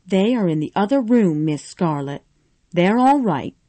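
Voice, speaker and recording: A woman voicing a devoted, motherly older housekeeper who fusses and comforts in a soft, mellow voice. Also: mid-range voice, animated, a little slow. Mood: tender. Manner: fussing, comforting.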